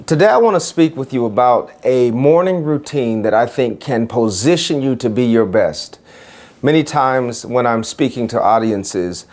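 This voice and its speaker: A man's voice: mid-range voice, darkish tone. A man giving an emphatic motivational talk to educators and telling a story.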